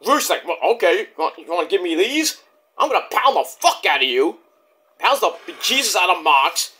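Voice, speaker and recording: A man rambling excitably through a casual wrestling review, swearing often. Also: sits high.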